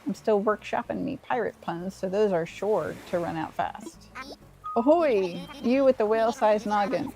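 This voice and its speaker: A blustery pirate seagull from a cozy life-sim game, all swagger and groan-worthy puns, as a woman reads his lines aloud. He rolls out hammy sea-dog talk and growled "arr"s at a mid-range pitch. Soft game music plays faintly behind. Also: moderate pace, lightly acted, poor audio. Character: blustery pirate-wannabe male seagull, pun-loving.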